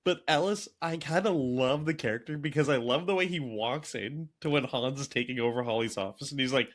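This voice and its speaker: Animated man chatting about movies. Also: fairly high pitch. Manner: animated, rambling, quick bursts of acted quotes. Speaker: podcast co-host. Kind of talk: casual movie discussion.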